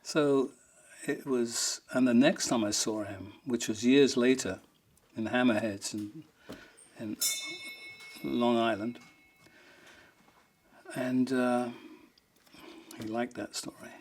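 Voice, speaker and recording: A man's voice: medium pitch, steady tone, slow, pauses often, a little hiss or hum. A man, a rock guitarist, telling fond, rambling anecdotes in an interview, amused and laughing now and then.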